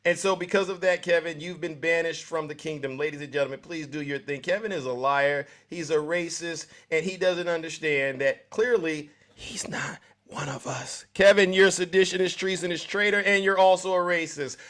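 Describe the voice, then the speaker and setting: A man's voice: on the high side, fairly even intonation, normal speed, few pauses, a bit bright. Man ranting on a live stream. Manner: preachy, repetitive, addresses audience directly. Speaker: livestream host. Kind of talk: live-stream political commentary.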